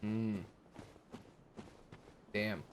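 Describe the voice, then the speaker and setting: A young man giving casual live commentary on a game he is streaming, talking back at it in an exasperated way with sudden high-pitched outbursts. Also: level tone, drawn-out words, a little hiss or hum. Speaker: gaming streamer.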